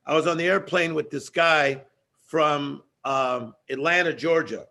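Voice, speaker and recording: A man's voice: a little high, a little slow, gravelly, sharp tone. A man giving a motivational stage speech, emphatic and rhythmic, repeating phrases for effect. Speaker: motivational speaker.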